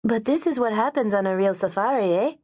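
A woman doing a bright, teasing woman tourist. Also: on the low side, animated, takes it slowly.

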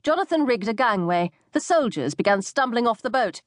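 A woman reading a novel aloud with a lively, expressive range. Her delivery is measured and clear. The sound is close and dry, with no room. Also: a little high, no room sound. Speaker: audiobook narrator. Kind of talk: scripted narration.

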